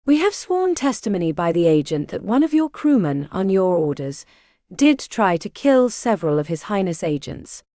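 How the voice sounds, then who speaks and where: A woman's voice: on the low side, big pitch swings, normal speed, mellow, no room sound, clean studio sound. A woman voicing a cold, formal male enemy captain in an audiobook, clipped and official. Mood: officious.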